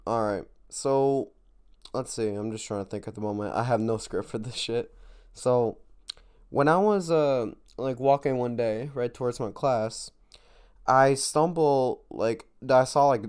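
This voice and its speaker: Guy rambling thru a storytime, lots of like and cussing, smooth clean voice. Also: medium pitch, a little mellow. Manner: rambling, full of "like" and swearing. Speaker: vlogger. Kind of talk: casual storytime.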